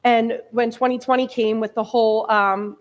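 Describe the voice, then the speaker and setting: A woman's voice: a little high, level tone, moderate pace, dull audio. A woman in her early forties giving a candid, emotional personal testimony as a guest speaker in a church. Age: 40s. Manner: candid, conversational, emotional storytelling. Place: church sanctuary.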